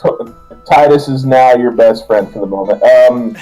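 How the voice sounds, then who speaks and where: A man narrating as game master, laughing often and lively in his storytelling. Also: medium pitch, normal speed, faint music behind, poor audio.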